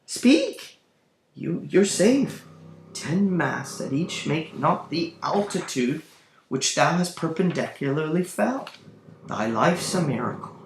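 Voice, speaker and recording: A man voicing a young nobleman disguised as a peasant, in a high, loud put-on rustic accent. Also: sing-song, slow pace, full character voice. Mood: urgent, exclaiming. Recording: roomy room, faint background hum.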